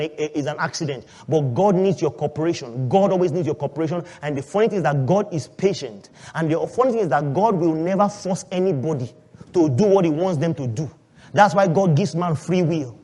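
A high-voiced pastor preaches a sermon to his church, swinging between loud, rising calls and quiet, hushed asides. He keeps putting questions to the congregation.

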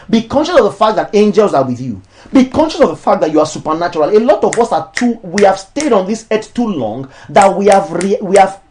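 A man, a pastor, preaching a sermon, stretching out key words slowly and then rushing through quick asides. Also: sits high, darkish tone. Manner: preaching with shifting emphasis, slow drawn-out lines then fast asides.

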